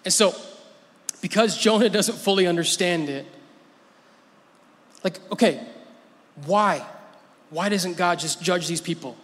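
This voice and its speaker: A man's voice: high-pitched, measured pace, pauses often, a bit bright. A man pastor preaching a sermon in a church hall, in a conversational, playful way and laughing often. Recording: long hall reverb.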